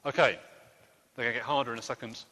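A man leading a playful quiz for children during a church service, joking gently as he asks questions. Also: mid-range voice, quick pace, big-room sound. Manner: lively, playful quizmaster with gentle jokes. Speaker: children's talk leader at church.

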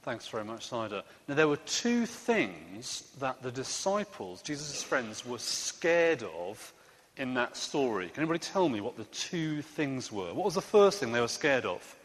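Lively man storytelling in an echoey hall. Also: mid-range voice, unhurried. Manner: lively, coaxing the audience into sound effects. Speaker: preacher leading a children's talk. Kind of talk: interactive storytelling to a congregation. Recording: echoey hall with faint ambience.

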